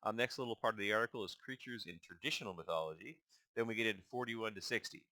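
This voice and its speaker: A man hosting his own channel, casually reading through a list and thinking aloud, halting and stumbling over unfamiliar names. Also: on the low side, pushed and bright, no room sound. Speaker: channel host.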